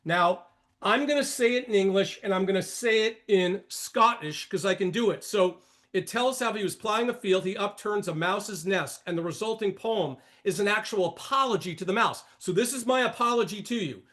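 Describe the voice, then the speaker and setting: This is an older man with a notably high voice who hosts a trading session. He lectures bluntly and with animation, jumping between warnings and asides. His commentary comes across as a sermon-like monologue. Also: normal speed, a bit bright. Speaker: trading room host.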